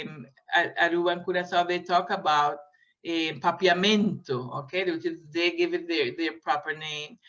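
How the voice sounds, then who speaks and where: A woman giving a lecture, hesitant and filling pauses, often checking in with her listeners. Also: deep voice, a bit bright. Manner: hesitant, many fillers, checks in with "okay?". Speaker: linguistics lecturer. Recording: dull lo-fi recording.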